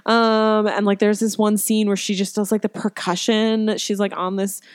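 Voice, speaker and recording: A woman's voice: mid-range voice, little pitch movement, normal speed, clean tone, no echo, clean studio sound. A woman in casual chat, rambling and chatty with lots of fillers, playfully voicing quotes as she retells a story.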